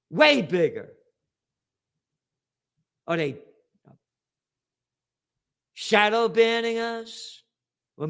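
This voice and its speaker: A man in his seventies with a New York accent, giving a blunt, profane, combative commentary monologue as host. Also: sits high. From United States. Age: 70s.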